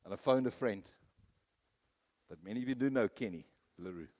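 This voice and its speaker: A man preaching a sermon, telling personal stories, rising to loud, emphatic peaks and then dropping low. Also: brisk. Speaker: pastor.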